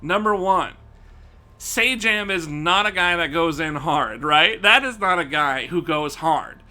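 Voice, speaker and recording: Animated high-pitched male streamer. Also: a little slow. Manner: animated, profane, laughing often. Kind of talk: casual live-stream rant.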